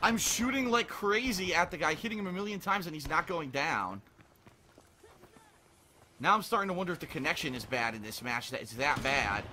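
A man's voice: on the high side, lively intonation, moderate pace, background noise. A man giving frustrated, swearing commentary over his own gameplay. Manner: frustrated, swearing, ranting at the game. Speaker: gaming commentator. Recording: faint gunfire behind voice. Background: game gunfire and explosions.

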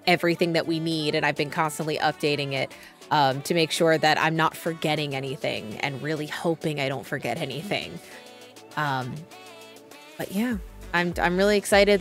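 A woman in her thirties, a streamer chatting casually and rambling through stories with frequent restarts. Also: on the low side. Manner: rambling, chatty, self-interrupting. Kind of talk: casual chat.

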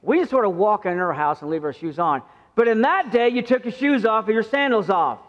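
A man's voice: high-pitched, animated, brisk. A middle-aged man preaching a sermon as pastor in a conversational way, acting out the voices he quotes. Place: church sanctuary. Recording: muffled church sound with long reverb.

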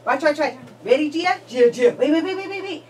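High sing-song woman cooing at a toddler. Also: animated, brisk. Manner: sing-song, coaxing, squealing calls. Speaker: family member playing with a toddler. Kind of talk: playful baby talk. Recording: distant, noisy home video.

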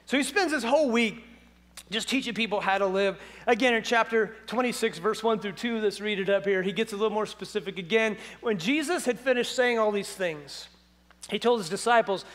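A male pastor preaching a sermon in an animated, jokey storytelling way. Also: high-pitched, brisk.

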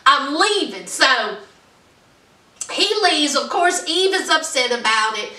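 A woman casually recapping a TV episode in a vlog, telling it as a lively story and acting out the scenes. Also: high voice, takes it slowly. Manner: animated storyteller, acts out the scenes. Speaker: TV episode reviewer. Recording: roomy echo, mic at a distance.

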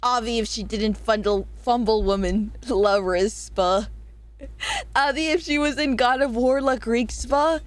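High-voiced giggly woman streamer. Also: a little slow, dry recording. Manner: giggly, swears freely, reads chat suggestions aloud. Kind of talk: casual livestream chat.

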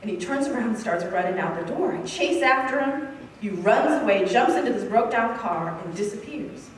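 A woman's voice: fairly high pitch, lively intonation, moderate pace, far from the mic. Woman lawyer telling an earnest personal story at a conference, heard from afar in an echoing hall with a faint hiss behind. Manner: earnest, builds up then drops to soft intimate tones. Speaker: author and civil rights lawyer giving a talk.

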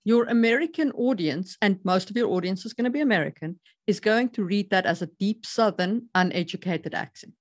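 A woman's voice: mid-range voice, brisk, few pauses, dry recording, studio quality. Direct, matter-of-fact woman podcaster. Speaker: podcast co-host, writing editor. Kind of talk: casual podcast discussion.

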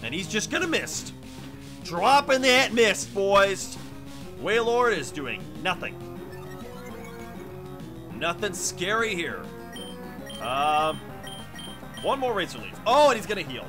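A man hosting a game let's play, chatty and excitable, talking to viewers, his throat hoarse from coughing. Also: high-pitched, takes it slowly, long pauses, over music. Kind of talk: game commentary.

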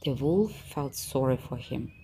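A woman narrating a bedtime story in a calm, measured way, with guitar music behind. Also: a bass voice, a little hiss or hum.

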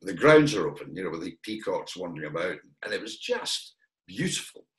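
A man's voice: low voice, sing-song, fairly quick. A Scottish man from Perth, a guest actor, reminiscing in a casual chat and rambling with fillers and restarts. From Perth, Scotland. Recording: echoey room.

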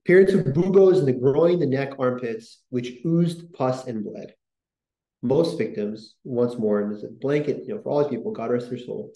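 A man hosts a podcast in loose, rambling talk, full of fillers and restarts. His voice is mellow and dark. The room around him is echoey. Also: medium pitch, moderate pace. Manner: rambling, self-interrupting, many fillers. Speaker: podcast host.

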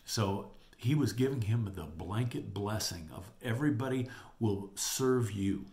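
Man, Bible teacher, fairly low voice, animated retelling, reads verses aloud. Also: a little slow.

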